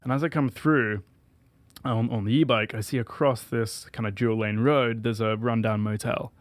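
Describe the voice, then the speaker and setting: A man's voice: medium pitch, normal speed, no room sound. A young man, a podcast guest animatedly telling a story and acting out what others said. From England. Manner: lively storyteller who acts out what others said. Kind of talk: casual storytelling interview.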